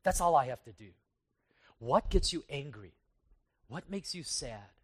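Male pastor, sermon at a retreat, conversational and self-mocking, swings from loud to hushed. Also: medium pitch, expressive, measured pace, husky.

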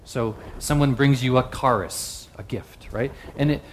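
A man preaching a sermon in a relaxed, conversational way, often turning to ask his listeners questions. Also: mid-range voice, measured pace, slight background noise. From the West. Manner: conversational, asks the audience questions.

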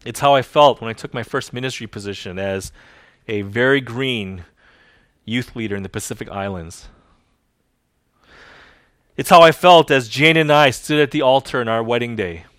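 An emphatic male pastor preaching a sermon, repeating his key lines for effect. He rises to loud declarations, then drops to quiet, drawn-out phrases, all recorded close and dry. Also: medium pitch, dry recording.

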